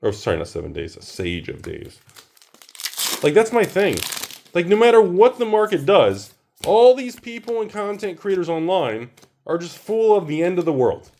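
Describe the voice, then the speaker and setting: A man's voice: sits high, sing-song, moderate pace, dark tone, slight background noise. A man hosting a card-opening video, ranting casually and exclaiming over each card he pulls. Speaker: host opening card packs.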